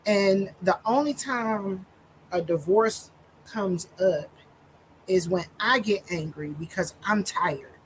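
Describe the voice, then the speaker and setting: A woman minister telling her own story in a slow, deliberate monologue with many pauses and fillers, holding back tears. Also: medium pitch, slight background noise, rough recording.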